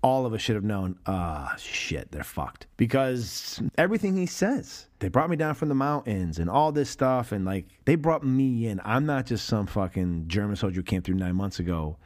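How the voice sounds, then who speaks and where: Male podcast host, casual and profane, a lively, swinging voice. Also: medium pitch, moderate pace, few pauses. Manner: animated, profane, acts out lines from the film. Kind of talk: casual film discussion.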